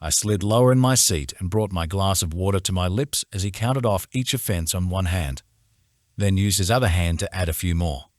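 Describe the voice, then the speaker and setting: This is a male audiobook narrator voicing a first-person romance novel in a very low register. His delivery is even and measured, and the close studio recording is completely dry, without room sound.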